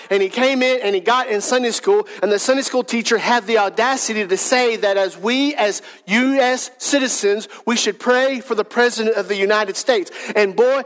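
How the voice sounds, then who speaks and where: A male pastor delivering a conversational sermon with a high-pitched voice. He builds his points through repeated phrases and rhetorical questions, and drops in dry humorous asides. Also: fairly bright tone, low-quality recording. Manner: repetitive emphatic lists.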